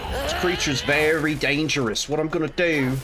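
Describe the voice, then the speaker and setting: Streamer doing a cheesy Australian wildlife adventurer, a bit higher than his own voice, stretched-out words, faint hiss behind. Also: natural voice. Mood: mock alarm. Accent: Australian, poorly done. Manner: exaggerated, drawn-out, jokey. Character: over-the-top adult male wildlife adventurer.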